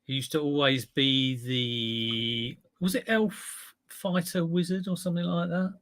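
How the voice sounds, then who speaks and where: Male stream host, slightly high voice, rambling casual dad-joke chat. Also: steady tone, measured pace, a bit bright. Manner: chatty, rambling, jokey with dad jokes.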